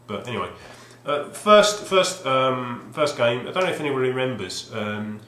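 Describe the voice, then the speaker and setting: Animated and a bit bright, a man with a mid-range voice speaks at normal speed. He's a video game collector vlogger, hesitant and wry, who often restarts during his rambling, casual monologue, recorded at home in a reverberant room.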